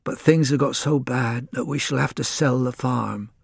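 A down-on-his-luck farmer in a children's storybook, speaking wearily and with resignation, as a male narrator plays him. The voice is a little husky, and the recording is close and dry. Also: mid-range voice, normal speed, dry recording. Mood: glum. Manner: weary, resigned. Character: poor, gloomy middle-aged farmer.

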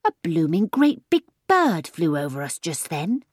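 A woman's voice: deep voice, big pitch swings, measured pace, breathy edge, no echo, studio quality, exaggerated voice. A woman voicing an easygoing, mildly grumbling father in a storybook reading.

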